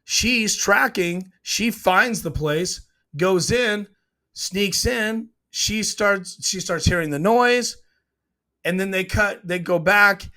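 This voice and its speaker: A man's voice: high voice, slow, sharp tone. A man casually breaking down a TV scene, emotional and hesitant, restarting his sentences often. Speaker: show reviewer.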